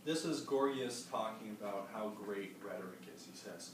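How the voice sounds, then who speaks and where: A man's voice: lowish voice, normal speed, few pauses. Young man presenting in an echoey room. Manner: loose and conversational, with many fillers and restarts. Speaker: discussion leader presenting to a study group. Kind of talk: casual classroom presentation. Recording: echoey room, distant mic, background noise.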